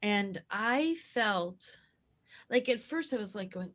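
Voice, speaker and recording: Woman, slow pace, acts out film scenes, film club chat. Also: mid-range voice, animated, fairly bright tone. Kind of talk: casual chat.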